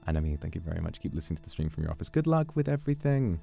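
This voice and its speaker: A man is live streaming, reading out donations and chatting loosely with viewers, playful and animated, cursing freely with his mouth close to the mic. His voice is a creaky bass, he talks fast, and faint music plays in the background.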